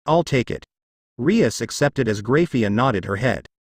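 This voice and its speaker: Man reading a fan story, lively pitch. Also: a little slow, slightly rough, no room sound, clean studio sound. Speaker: fanfiction reader.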